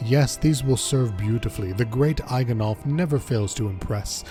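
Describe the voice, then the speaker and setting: A man voicing a formal, secretive male merchant, reading game dialogue aloud in a measured, somewhat stilted way. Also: mid-range voice, dark tone, faint music behind, natural voice.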